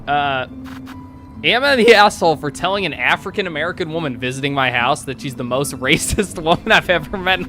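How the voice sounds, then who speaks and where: A man live-streaming, casually reading online posts aloud to his chat and breaking off with sarcastic asides. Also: a little high.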